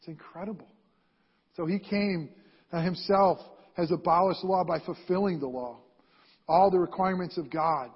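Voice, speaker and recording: A man with a high, husky voice delivers a sermon, driving home his points by repeating them with emphasis. The sound is dull and lo-fi, and it rings with the long echo of a large hall. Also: moderate pace. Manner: emphatic preaching with repeated phrases. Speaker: pastor.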